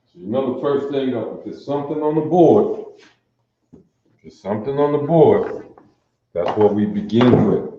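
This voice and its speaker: A man's voice: medium pitch, animated, moderate pace, pauses often, slight background noise. A man with a Detroit accent teaching a class at a board, repeating phrases and checking that everyone is following. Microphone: camera mic, sometimes far away. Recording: echoey dull room recording.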